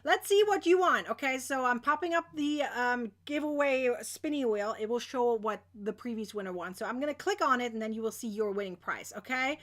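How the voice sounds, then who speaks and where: A young woman hosting a crochet giveaway in casual livestream chat, bubbly and squealing with excitement. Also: sits high, moderate pace, few pauses.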